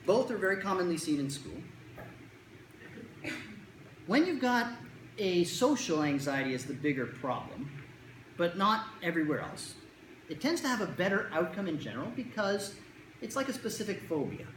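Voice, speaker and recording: Lively clinician acting out kids' voices. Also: medium pitch, roomy sound, slight background noise, poor audio. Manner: lively, acts out kids and parents in quick put-on voices. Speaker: child anxiety clinician giving a talk to parents. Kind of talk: talk to a live audience.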